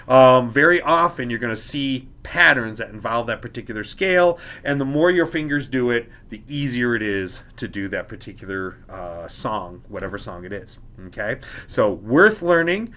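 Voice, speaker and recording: A man with a bright, clear voice gives a beginner music lesson. He explains each step patiently and keeps checking that his students are following. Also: mid-range voice, lively intonation, normal speed, few pauses. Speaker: music teacher.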